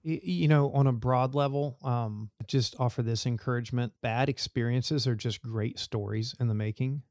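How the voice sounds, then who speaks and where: A youth leader from a church tells stories to illustrate his points in an earnest podcast interview. He speaks at normal speed in a medium-pitched, darkish voice, captured with clean studio sound and no room sound.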